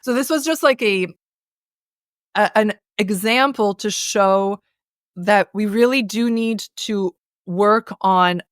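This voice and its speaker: A North woman, a voice and communication consultant, explaining in a lively conversational interview and demonstrating sounds as she goes. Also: medium pitch, slow pace, no room sound, clean studio sound. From North America.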